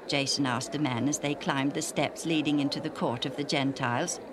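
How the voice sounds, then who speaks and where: A woman reading a children's Bible story in a gentle, measured way. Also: rumbling low, fairly even intonation, background noise. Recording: music playing underneath.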